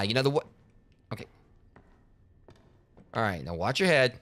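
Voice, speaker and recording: Joking male let's player, rambling commentary with a lively, swinging voice. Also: mid-range voice, normal speed. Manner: rambling, joking, lots of fillers. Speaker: gaming channel host. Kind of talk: casual let's play commentary.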